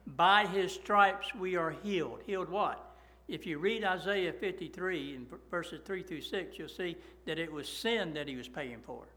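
A man's voice: fairly high pitch, moderate pace, fairly bright tone, low-quality recording. A middle-aged man preaching a sermon as a pastor, folksy and emphatic, often asking "right?".

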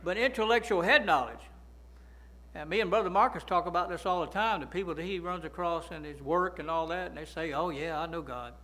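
A man's voice: high voice, a little fast, sharp tone, poor audio. A man preaching a sermon as pastor, often prompting the congregation with "right?" and "amen?".

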